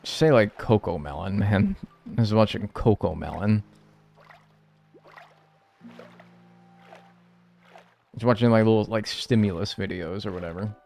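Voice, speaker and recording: A man's voice: on the low side, brisk, gravelly, a little mellow, faint music behind. A young man live-streaming, reading viewer messages and answering them in casual, joking banter with bursts of mock outrage.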